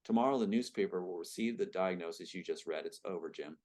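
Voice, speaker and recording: A cold, scheming government agent making quiet threats, read aloud by a man from his own screenplay. The delivery stays calm and menacing, in a fairly low voice. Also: fast talker, lightly acted.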